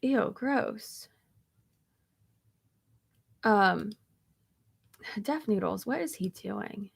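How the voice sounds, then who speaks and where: A woman vlogger tells a story in loose casual chat, full of fillers, restarts and animated asides. Her voice carries a gravelly, fry-tinged edge at a middle pitch. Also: very slow. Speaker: beauty vlogger.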